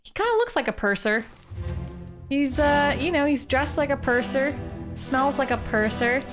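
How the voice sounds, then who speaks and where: Over music, a young streamer from Canada gives live gameplay commentary, musing playfully and talking with viewers. She has a high voice with lively intonation and speaks at normal speed.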